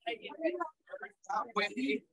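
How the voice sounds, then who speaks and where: A man leading a group activity at an event, energetic and playful as he calls out to the crowd. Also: high-pitched, very slow, vocal fry, distant mic, rough recording. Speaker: workshop facilitator. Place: large event hall.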